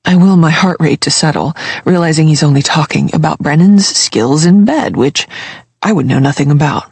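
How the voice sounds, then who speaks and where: Husky audiobook narrator. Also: medium pitch, normal speed, a little mellow, no room sound. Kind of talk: scripted first-person novel narration.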